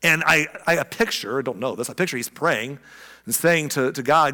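A man preaching a sermon, telling a story with lively expression and acting out the people in it. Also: medium pitch, normal speed, long reverb tail. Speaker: pastor.

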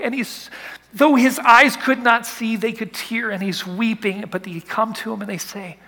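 A man preaching a sermon, swinging from soft whispers to loud, urgent calls. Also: high-pitched, fairly even intonation, moderate pace, in a large hall. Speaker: pastor.

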